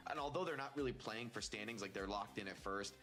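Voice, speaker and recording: A man with a fairly low voice commentates on esports at a fast clip. He makes emphatic points about the teams. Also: pushed and bright, faint music behind. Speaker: esports caster.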